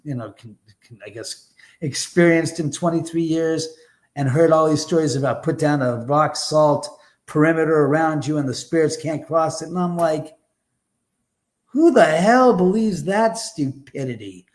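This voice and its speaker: A guest on a live show who owns a haunted house talks at a moderate pace, his voice on the high side and a little mellow. He tells animated, conversational stories that ramble emphatically, with blunt comments and mild swearing.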